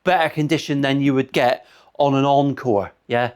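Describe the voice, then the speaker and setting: A man's voice: mid-range voice, steady tone, normal speed, clean tone. A man, a luthier talking casually as he works on a guitar in his workshop, rambling into crude, sweary jokes. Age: 40s. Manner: chatty, crude, rambling banter with frequent swearing.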